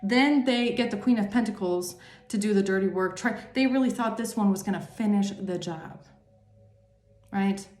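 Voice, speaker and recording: A woman's voice: medium pitch, moderate pace, darkish tone, faint music behind. Emphatic woman tarot reader, echoey room. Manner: emphatic, repetitive, swears freely. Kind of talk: tarot reading monologue.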